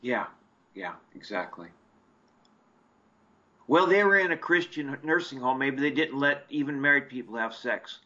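A chatty man from Eastern Oregon calls in to a talk show, with a bright, forward voice. He tells folksy stories, and his voice comes through a dull, lo-fi line. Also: mid-range voice, animated, unhurried, pauses often. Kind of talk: casual call-in chat.

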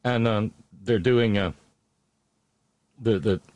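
A man giving casual, sarcastic news commentary, halting with many fillers and restarts. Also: fairly low pitch, darkish tone, no echo. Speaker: political commentator.

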